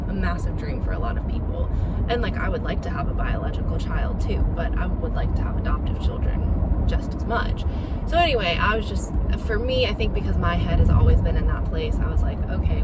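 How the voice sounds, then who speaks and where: A young woman vlogging about books in a loose, rambling way, leaning on fillers as she talks. Her voice sits low for a woman. Loud noise runs behind her the whole time. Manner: chatty, rambling, filler-heavy. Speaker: book vlogger. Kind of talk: casual vlog chat.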